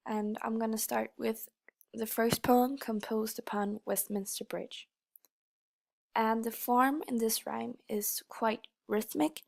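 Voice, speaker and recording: Brief: a female student talking through a poem, unhurried and hesitant, with vocal fry. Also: on the high side. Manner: hesitant, with frequent pauses and fillers. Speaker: student presenter. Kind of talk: spoken poetry analysis.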